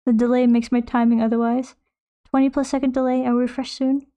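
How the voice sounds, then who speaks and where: A woman streamer chats while she paints, rambling and joking and now and then slipping into silly put-on voices. Her voice sits a little high, with a mellow, soft tone. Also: flat delivery, brisk. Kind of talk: casual chat while painting.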